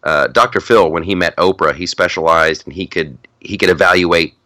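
A man's voice: low-pitched, moderate pace, pushed and bright, no room sound. A middle-aged man hosting a podcast in casual chat, rambling with many restarts and frequent laughter. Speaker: podcast host.

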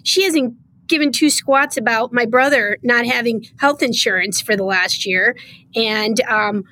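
A middle-aged woman with a fairly high voice talks in a political interview. She speaks with emphatic, impassioned conviction. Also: measured pace, sharp tone, low-quality recording. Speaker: state comptroller, guest.

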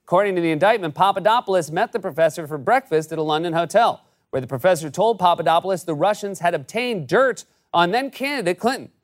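A man's voice: high-pitched, animated, fast talker, few pauses. A man hosting a late-night comedic news monologue with a sarcastic, punchy delivery. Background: studio audience laughter.

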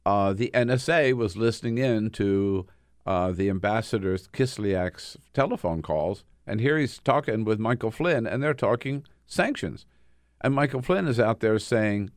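A man's voice: medium pitch, lively intonation, unhurried, no echo, clean studio sound. A man hosting a political talk radio show, retelling events in an emphatic, indignant way.

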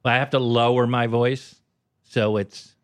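A man's voice: mid-range voice, no room sound. Man explaining in eager restarts. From United States. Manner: animated, explains in quick restarts. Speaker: comedian guest. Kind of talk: casual podcast chat.

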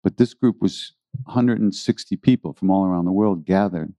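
A man's voice: low-pitched, moderate pace, warm tone, no room sound. A man giving an informal spiritual talk to a live audience, earnest and rambling, often repeating his phrases.

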